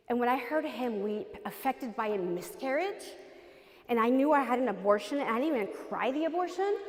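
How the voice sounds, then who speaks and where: Woman, high-pitched, earnest personal testimony, long hall reverb. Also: lively intonation, fairly quick. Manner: earnest, storytelling, acts out quoted dialogue. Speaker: speaker giving a personal testimony. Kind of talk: emotional personal testimony talk.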